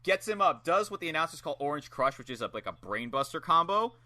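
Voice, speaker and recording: A young man co-hosting a podcast, chatting casually and excitedly about matches, swearing freely and acting out his own reactions. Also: a little high, fast talker. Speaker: podcast co-host. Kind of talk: casual chat reviewing wrestling matches.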